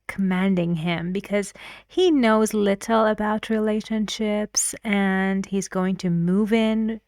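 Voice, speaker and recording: A woman teaching intonation at a slow, deliberate pace, echoing short phrases back so learners can copy them. Her voice is dry and close, with no room sound around it. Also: medium pitch, a little mellow. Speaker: English teacher. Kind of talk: intonation lesson, explaining clips.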